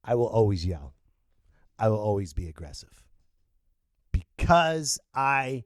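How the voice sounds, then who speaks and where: A man hosting a solo podcast rant, swinging between loud outbursts and low muttering and laughing at himself. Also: very animated, unhurried, long pauses, no echo, clean studio sound. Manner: self-mocking, laughs at himself. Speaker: podcast host.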